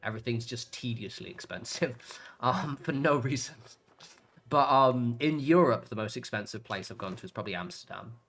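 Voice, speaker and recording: A man's voice: mid-range voice, normal speed, fairly bright tone. A young English man streaming a game, chatting casually in a rambling way with lots of fillers and the odd swear word. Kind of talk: casual chat while gaming.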